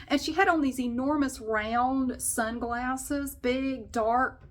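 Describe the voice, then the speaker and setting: Woman on her vlog ranting about a story, kinda high voice, exasperated, going loud then muttering low. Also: takes it slowly, few pauses. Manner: exasperated and animated, swings between loud outbursts and low asides. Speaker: vlogger. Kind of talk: comedic storytelling rant.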